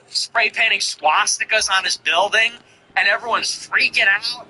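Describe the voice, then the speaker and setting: Podcast host guy ranting solo, high voice, super sharp and tense, keeps repeating himself for emphasis. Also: moderate pace, a little hiss or hum, poor audio. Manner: heated, emphatic, repetitive ranting. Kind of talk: solo commentary monologue.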